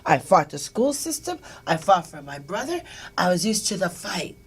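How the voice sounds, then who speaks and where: This is a middle-aged woman host in a relaxed talk-show conversation, telling stories about her life. Her voice sits low and sounds husky and breathy. She tells things in a lively way and puts on the voices of the people she quotes. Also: moderate pace. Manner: animated, acts out quoted voices. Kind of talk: personal storytelling chat.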